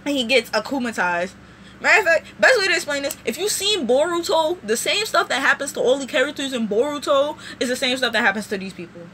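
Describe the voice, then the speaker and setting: Bright, high-voiced woman rambling a show recap. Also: quick pace, slight background noise. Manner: rambling, animated storytelling. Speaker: vlogger.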